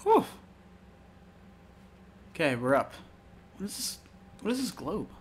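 Slow-paced and a little high, a young man's voice narrates his horror-game playthrough casually over a faint hiss or hum. He swears a lot and is jumpy and excitable, yelping when startled.

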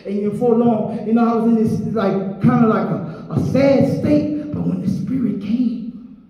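A man ministering in an impassioned sermon, swinging into shouts and half-sung phrases. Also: very high-pitched, a little slow, dull audio. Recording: echoey hall from far off.

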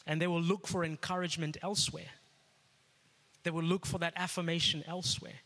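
A man's voice: fairly high pitch, flat delivery, a little fast, bright, forceful tone. A middle-aged man preaching a sermon as pastor, earnest and repeating phrases for emphasis. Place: church hall. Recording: echoey hall.

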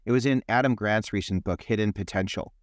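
A man's voice: lowish voice, a little fast, no room sound, studio quality. Rambling man hosting a podcast. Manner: rambling, repeats words and restarts. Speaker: podcast host. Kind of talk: conversational interview.

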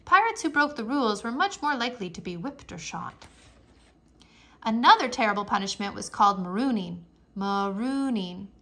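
A woman reading a children's nonfiction book aloud in an expressive storybook manner, with playful exclamations. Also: on the high side, a little fast. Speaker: reader.

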